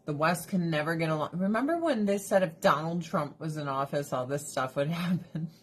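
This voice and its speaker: On a casual livestream, a woman host rants bluntly and swears while doing her skincare, laughing between remarks. Her voice is low, expressive and brisk, with a slight hiss or hum.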